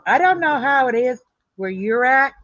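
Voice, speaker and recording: A woman's voice: high-pitched, expressive, moderate pace, fairly bright tone, no room sound. A woman telling personal stories in casual chat, blunt and tough-talking, swearing now and then. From United States. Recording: dull lo-fi dry recording.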